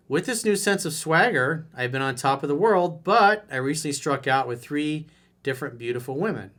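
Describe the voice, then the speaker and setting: A man's voice: medium pitch, fairly bright tone. A man who coaches people on dating, reading out a viewer letter and answering it in a blunt, mocking way.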